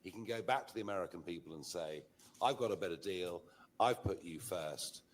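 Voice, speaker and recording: Deep-voiced man, measured political talk. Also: a little hiss or hum. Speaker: political commentator. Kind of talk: political interview answer.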